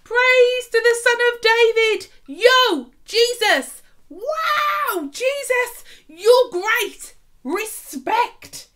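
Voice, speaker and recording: A woman voicing a crowd of young children cheering excitedly in a told story. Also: very high-pitched, extremely slow, voice pushed up, heavily acted.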